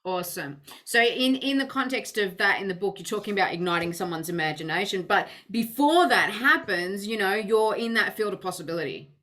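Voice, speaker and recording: A woman's voice: mid-range voice, expressive, fairly quick, few pauses, sharp tone. A woman interviewing a guest in casual chat, talking loosely with many fillers and repeats.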